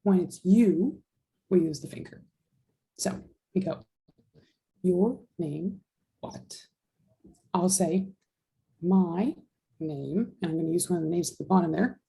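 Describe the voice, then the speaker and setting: Gravelly-voiced woman teaching a class. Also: lowish voice, slow, pauses often, warm tone, rough recording. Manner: patient, explains step by step. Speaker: sign language teacher. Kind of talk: online class instruction.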